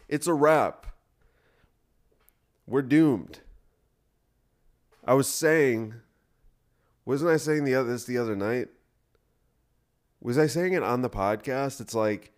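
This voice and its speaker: A male podcast host talks on his own in a loose, rambling way. He swears easily, and his sarcasm runs through everything he says. His voice sits at an ordinary middle pitch for a man. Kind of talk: casual solo podcast monologue.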